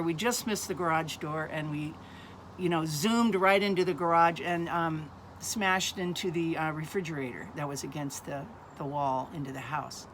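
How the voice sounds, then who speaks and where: A woman in her sixties casually telling a family story, halting often with ums and uhs. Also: low voice, steady tone, a little hiss or hum.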